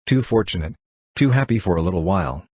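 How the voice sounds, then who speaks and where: A man's voice: deep voice, lively intonation, fast, a little mellow, breathy edge, no room sound, studio quality. A man voicing a grieving young woman in an audiobook reading, with an earnest, mournful delivery.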